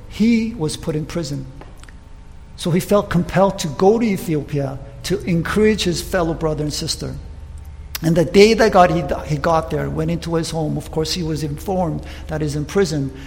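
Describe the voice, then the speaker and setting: Man, preacher, sermon storytelling, high gravelly voice, long hall reverb. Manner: animated retelling with acted quotes, frequent restarts.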